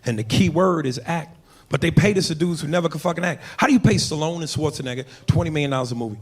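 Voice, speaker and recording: A man's voice: a little high, husky. A male stand-up comedian with a crude, brash, conversational delivery on a comedy club stage. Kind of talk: stand-up routine. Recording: live club recording with crowd noise.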